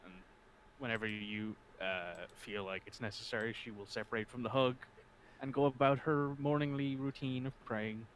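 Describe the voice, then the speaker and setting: Man calmly describing his character's moves. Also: mid-range voice, normal speed, slight background noise. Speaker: tabletop game player.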